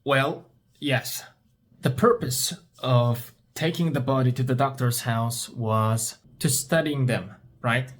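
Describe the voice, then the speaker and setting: A man's voice: medium pitch, slow. A man whose first language is Turkish, teaching English by asking story questions, repeating each one and answering it himself. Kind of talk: story-based English speaking practice.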